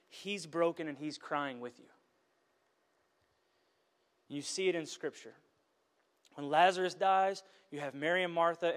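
Middle-aged male pastor, earnest and emotional in the pulpit, slightly high voice, long hall echo. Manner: earnest, emotional testimony with restarts. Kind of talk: sermon.

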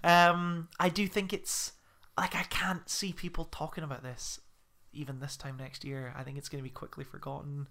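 A man's voice: on the high side, little pitch movement, normal speed, bright, forceful tone. A man chatting casually about a film as a podcast co-host, laughing often. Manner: chatty, laughs often, slips into mock Scottish pub voices. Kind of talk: casual film review chat.

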